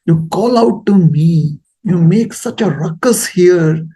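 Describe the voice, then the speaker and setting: A man acting out a proud, high-ranking magistrate who scolds in exasperation. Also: slow, mellow, breathy edge, soft background music, exaggerated voice. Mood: indignant.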